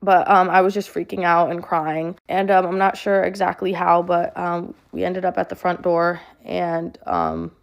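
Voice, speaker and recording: A young woman telling a personal story to camera in a flat monotone, halting and full of fillers. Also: lowish voice, creaky. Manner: halting, with many fillers and restarts. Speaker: social media creator.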